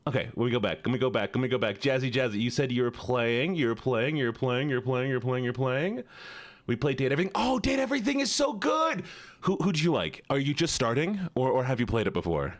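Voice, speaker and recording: A man streaming live, chatting with viewers in an excitable, chatty way and greeting and thanking them. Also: mid-range voice, fast talker. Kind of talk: casual livestream chat.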